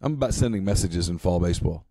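Man, podcast co-host, low mellow voice, deadpan sarcastic asides. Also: fast talker, dry recording. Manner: sarcastic, mock-serious. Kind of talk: casual sports talk.

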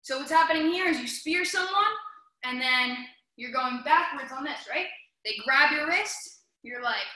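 A woman teaching a martial arts class in an echoey indoor training hall, her high, very bright voice bouncing off the walls. She takes her time, calling out short commands one by one and breaking into sharp yells to show the class how it is done. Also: normal speed. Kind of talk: coaching a class through drills.

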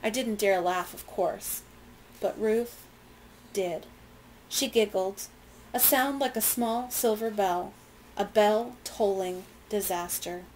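A woman reading a novel aloud in measured, plain storytelling and pausing to explain words. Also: mid-range voice, darkish tone, slight background noise, rough recording. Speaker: reader.

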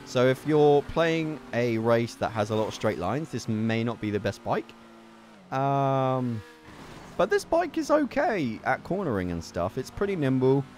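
A young man giving excitable gameplay commentary as a gaming video host, swearing and laughing at his mishaps. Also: mid-range voice, a little slow, slight background noise. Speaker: gaming YouTuber.

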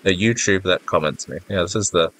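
A gaming YouTuber speaks briskly in a deep, slightly bright voice with a stuffy, congested quality. He rambles and pokes fun at himself during casual gameplay commentary, flustering easily, as game music plays faintly.

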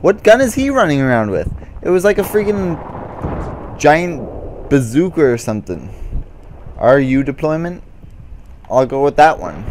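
A man's voice: a little high, sing-song, a little slow, pauses often, darkish tone, slight background noise. A man giving live gameplay commentary, muttering in confusion and frustration and calling people "dude". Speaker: gamer.

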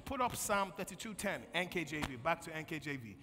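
A man preaching a sermon as pastor, calling on the congregation to answer and swinging from loud bursts to quiet storytelling. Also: a little high, expressive, fairly quick, few pauses. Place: large church hall. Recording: long church hall reverb, faint music.

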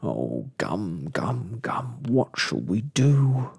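Brief: man playing an old male lizard, flustered and groaning, breathy soft ASMR storybook delivery. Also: mid-range voice, sing-song, normal speed, heavily acted. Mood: fretful. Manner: groaning, gasping, fretful exclamations.

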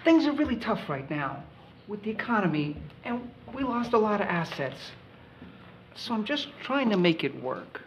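A woman's voice: medium pitch, sing-song, moderate pace, a little hiss or hum, low-quality recording. A student actor playing a meek, apologetic husband who stammers and pleads with his wife. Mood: timid. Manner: timid, stammering.

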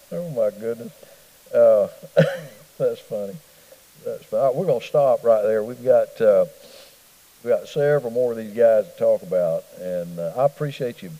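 A man's voice: medium pitch, measured pace, pauses often, dark tone, long reverb tail, lo-fi sound. A middle-aged man teaching a church Bible study in a folksy, conversational way, often asking the room questions. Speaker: pastor. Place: church hall.

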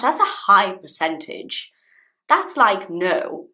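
A woman's voice: fairly low pitch, lively intonation, a little slow, sharp tone. A woman in her thirties telling a personal story as an English teacher, repeating key phrases for learners. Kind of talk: storytelling lesson to camera.

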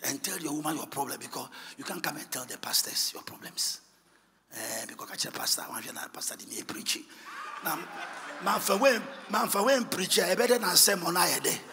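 A male pastor, preaching a sermon in a church hall and swinging from hushed low asides to shouted, sing-song preaching. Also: a little fast, crowd noise. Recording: long echoing church hall reverb.

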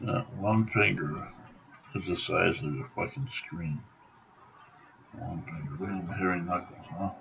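A man's voice: deep voice, unhurried, creaky, long pauses, background noise. A middle-aged man ranting and swearing to the camera in an angry home vlog. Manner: profane, ranting, grumbling. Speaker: vlogger. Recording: dull lo-fi home recording.

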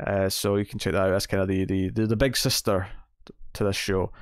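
A man's voice: low-pitched, little pitch movement, brisk, clear, resonant tone, no echo. Rambling male podcast host, dry mic. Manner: rambling, self-correcting, laughs often. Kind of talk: casual podcast chat.

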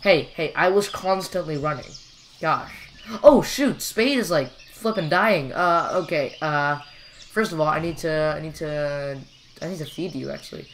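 A man's voice: fairly high pitch, normal speed, fairly bright tone, slight background noise. A young man casually commentating while he plays a game, rambling and joking with lots of filler words. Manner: chatty, rambling and jokey, with frequent fillers. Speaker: gameplay commentator.

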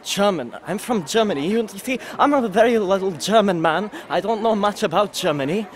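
A man's voice: high voice, expressive, pitched above the performer's own voice. A man putting on a comical small German man with an exaggerated mock accent. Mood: mock-proud. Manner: exaggerated mock accent, slow, sing-song.

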